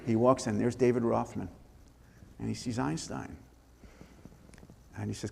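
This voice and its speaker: An older male author tells a story in a live interview, lively and full of restarts. His voice is gravelly with some fry at mid pitch. A long hall reverb trails his words. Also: moderate pace, pauses often. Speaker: author and former congressman. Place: synagogue hall before an audience.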